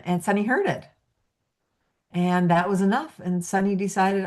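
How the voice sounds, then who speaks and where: A woman's voice: medium pitch, normal speed, long pauses, darkish tone. A woman teaching energy healing, telling casual stories full of fillers and restarts, acting out quotes in a lifted voice. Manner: rambling, filler-heavy, acts out quotes in a lifted voice. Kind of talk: casual storytelling lecture.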